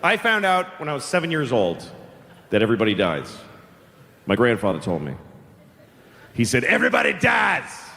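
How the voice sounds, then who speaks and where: A man in his forties telling a stand-up story in a profane, deadpan way, live on stage before an audience. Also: on the low side, brisk, long pauses, slight background noise. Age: 40s. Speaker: stand-up comedian. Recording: live hall recording with long reverb.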